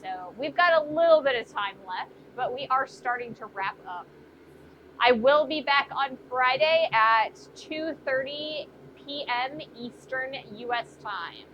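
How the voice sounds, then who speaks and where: A woman's voice: high voice, expressive, measured pace. A woman blacksmith chatting casually on a live stream as she works in her workshop, musing aloud and answering viewer comments. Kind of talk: casual live-stream chat while forging. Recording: dull lo-fi stream audio with faint noise.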